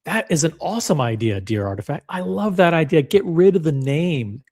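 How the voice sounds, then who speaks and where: A man hosting a casual livestream, chatty and blunt, reading viewer comments aloud with quick restarts and self-deprecating asides. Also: on the high side, lively intonation, a little mellow. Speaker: livestream host reacting to watch predictions.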